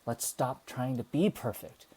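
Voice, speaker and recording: A man's voice: mid-range voice, expressive, a little slow, warm tone, husky. A man hosting a livestream, talking casually and passionately to his chat, rambling and swearing. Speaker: livestream host.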